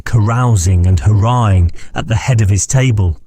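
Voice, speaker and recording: A man reading a classic novel aloud as an audiobook narrator, measured and steady. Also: lowish voice, slightly rough, no room sound, studio quality. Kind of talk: scripted narration.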